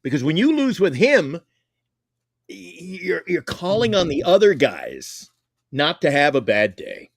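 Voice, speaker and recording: Brief: heated male sports talk co-host, high and lively voice, dry close sound. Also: measured pace, no echo. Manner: emphatic, heated, swears.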